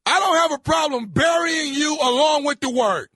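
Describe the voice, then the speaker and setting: Guy doing a stern pushy campaign official, prank call, high bright voice, kinda husky. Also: normal speed. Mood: shouting angry. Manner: polite then shouting threats. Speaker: prank caller.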